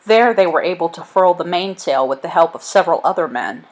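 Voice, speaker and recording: A woman narrating a chapter book aloud in a steady, expressive reading voice. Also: on the low side, brisk, low-quality recording. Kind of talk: storybook read-aloud.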